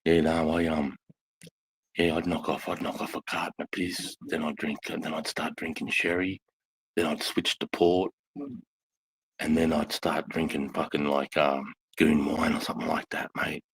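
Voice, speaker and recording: A man's voice: extremely low pitch, little pitch movement, moderate pace, slight background noise, poor audio. A man, a former army instructor, telling rowdy stories in casual live chat, blunt and full of swearing. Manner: blunt, swears constantly, rambling war stories.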